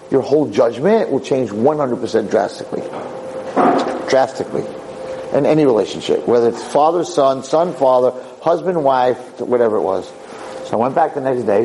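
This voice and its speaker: A man's voice: mid-range voice, warm tone, slight background noise, low-quality recording. A man, a rabbi and teacher, giving a storytelling lecture, acting out dialogue with emphatic repetition.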